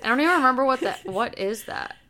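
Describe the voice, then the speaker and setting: A woman's voice: high voice, animated, fast talker, pushed and bright. A woman co-hosting a casual chat, talking in a chatty, wry, easygoing way.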